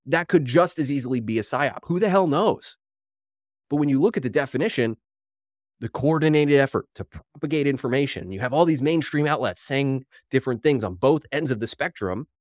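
A man hosting a solo podcast, talking in a wry, worked-up way and sounding slightly out of breath. His voice sits at an ordinary middle pitch. The sound is close and dry, with no room around it. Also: brisk, no room sound. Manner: animated, wry, worked up, reading headlines aloud. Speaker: podcast host.

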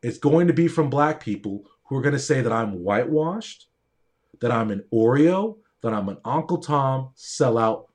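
A man's voice: mid-range voice, expressive, normal speed, a little mellow. A middle-aged man, a doctor, telling a story in an earnest, emphatic monologue and repeating phrases for stress.

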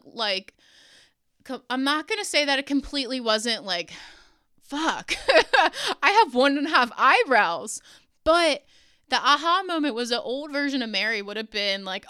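Bright, lively woman telling a story. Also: high-pitched, smooth, no echo, studio quality. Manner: animated, laughs often, swears casually. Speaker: podcast host. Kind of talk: personal storytelling.

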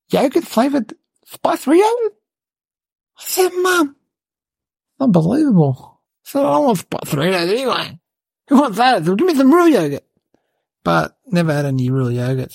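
A mischievous little boy with a low, gravelly, husky voice, played by a woman, rambling through his story with deadpan childlike logic. The sound is dry and close. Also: no echo, heavily acted. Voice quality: creaky, husky. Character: cheeky mischievous little boy, clueless and carefree. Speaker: podcast comic character narrator. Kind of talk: comic character monologue.

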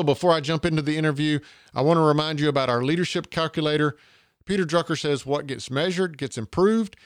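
A man's voice: medium pitch, dry recording, studio quality. A man with a Southern US accent from Georgia hosting a podcast, enthusiastic and promotional, with lots of fillers. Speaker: podcast host. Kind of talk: podcast interview.

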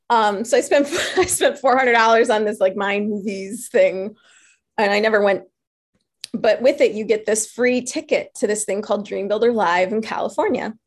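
A woman's voice: mid-range voice, moderate pace. A woman from New York telling her story casually, acting out voices and laughing often. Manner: animated, acts out her own and others' voices in quotes; laughs often while talking.

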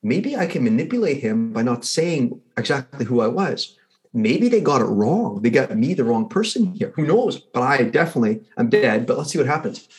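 A man's voice: medium pitch, very animated, moderate pace, a little mellow. A man voicing a scheming male gangster who has just died, told as inner monologue in a spoken story.

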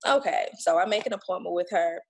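On a podcast, a woman guest recounts her birth story bluntly and emphatically, cursing at times and acting out what people said to her. Her voice is lowish, gravelly and husky, and she talks fast with lots of animation.

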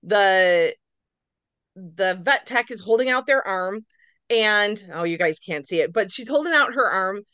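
A middle-aged woman, a nurse practitioner, telling her story as a podcast guest in a lively, casual way, acting out her own reactions. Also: medium pitch, unhurried, smooth, no echo. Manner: animated, acts out her own reactions in quotes.

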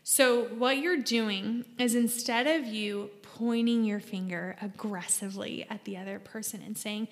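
A woman's voice: medium pitch, measured pace, few pauses, long reverb tail. A woman hosting a podcast, giving earnest, emphatic advice straight to her listeners in a casual monologue. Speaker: podcast host.

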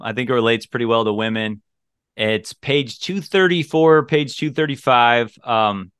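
A man's voice: mid-range voice, a bit bright, clear, resonant tone, no echo. Earnest male podcast co-host, dry sound. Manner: earnest, repeats phrases for emphasis. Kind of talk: casual chat.

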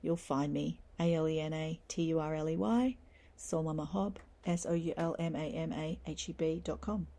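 A woman's voice: low-pitched, normal speed, mellow. A woman hosting a reflective solo talk show, earnest and encouraging, lingering on the key words. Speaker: podcast host.

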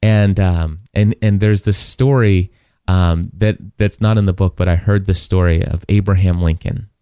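A man's voice: low voice, steady tone, warm tone, clear, resonant tone, dry recording, clean studio sound. A man in a casual faith talk, repeating and restarting words as he tells a story and acts out the people in it. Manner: halting, repeats words, voices people in his stories.

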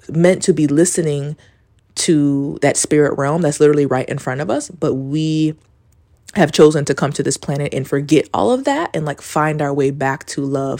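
A woman's voice: low voice, darkish tone, no room sound, clean studio sound. Rambling, casual woman podcaster. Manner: rambling, heavy use of "like", swears casually. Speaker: podcast host. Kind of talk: casual solo podcast storytelling.

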